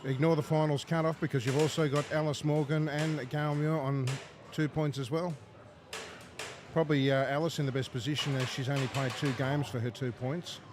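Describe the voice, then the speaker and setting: A man, hoarse from losing his voice, commentating a pinball competition and often asking tag questions. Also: a little high, fairly even intonation, normal speed. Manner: conversational, asks tag questions. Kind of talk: casual live commentary. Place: pinball club. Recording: clear background noise.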